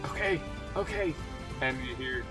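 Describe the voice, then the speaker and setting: A man's voice: fairly high pitch, animated, music in the background. Laughing male game master, slightly distant. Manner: laughing often, restarts mid-sentence, puts on quick character voices. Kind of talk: narrating a tabletop game.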